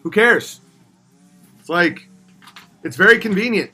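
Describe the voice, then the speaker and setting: This fairly high-voiced man runs an easygoing livestream chat, taking viewer messages and firing back sardonic replies. His delivery swings from playful fake voices to quiet grumbling, unhurried yet lively in intonation, with a sharp, husky edge.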